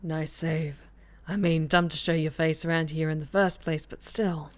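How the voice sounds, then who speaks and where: A woman voicing a gruff, sardonic male vampire informant who talks in a gravelly, dry, grumbling way. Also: fairly even intonation, normal speed, natural voice. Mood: wry. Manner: dry, grumbling, low-key.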